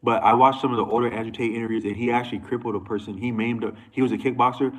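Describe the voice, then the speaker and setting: A man's voice: medium pitch, steady tone, rapid-fire, low-quality recording. A man talking to camera in a loose, rambling monologue, restarting sentences and going off on asides. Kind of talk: casual monologue.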